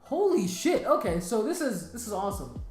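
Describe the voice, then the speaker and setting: A woman streamer reading manga aloud on a live stream, excitable and casually swearing, recorded in an echoey room. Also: fairly high pitch, normal speed, faint music behind.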